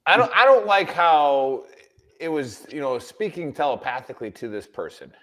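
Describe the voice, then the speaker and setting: A man's voice: fairly high pitch, lively intonation, moderate pace, a bit bright. A man co-hosting a casual veterans' podcast, rambling through a theory and checking in with "right?". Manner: rambling, many fillers like "right?". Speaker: podcast co-host. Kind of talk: casual chat.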